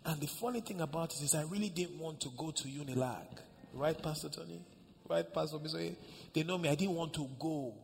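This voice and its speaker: A male pastor preaching a sermon, telling a story and acting out the dialogue, moving between hushed lines and loud ones. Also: a little high, a little fast, gravelly, slight background noise. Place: large church hall. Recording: echoey church hall with faint ambience.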